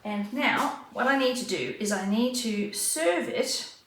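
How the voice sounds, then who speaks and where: A woman vlogging as she cooks at home, talking in an unhurried, chatty way while she stirs, serves and tastes her food. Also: on the high side, animated, a bit bright. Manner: unhurried, chatty, talks while cooking and tasting. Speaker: cooking vlogger. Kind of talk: casual cooking vlog narration. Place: home kitchen. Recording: roomy, distant mic, faint kitchen noise.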